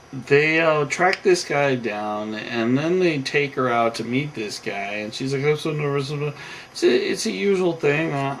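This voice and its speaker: A man's voice: mid-range voice, vocal fry, fairly bright tone, slight background noise, poor audio. A tired man casually recapping a reality show, rambling with lots of fillers and restarts. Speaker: show commentator.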